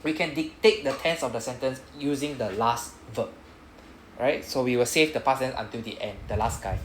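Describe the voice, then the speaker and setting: A man with a medium-pitched voice and Singaporean English accent speaks at a moderate pace while teaching a Japanese class. Explaining grammar and coaching students, he tacks "right?" onto nearly every sentence, in an echoey classroom with background noise.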